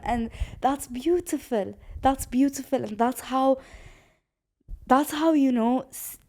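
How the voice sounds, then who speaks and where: A woman's voice: fairly high pitch, dark tone. A young woman from Syria hosting her own podcast, talking with passion and repeating phrases for emphasis, with many fillers like "like". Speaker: podcast host. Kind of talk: personal solo podcast talk.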